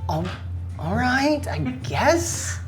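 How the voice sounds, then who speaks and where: A man's voice: very high-pitched, expressive, normal speed, darkish tone, echoey room, faint music behind, pitched above the performer's own voice. A woman voicing a shy young male elf musician who talks in hesitant, bashful bits.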